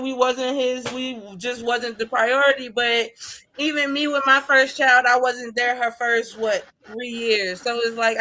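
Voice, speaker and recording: Lady on a podcast, laughs a lot, bright tense voice. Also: a little high. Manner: heartfelt, laughs often, Southern speech. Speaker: podcast guest. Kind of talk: casual chat.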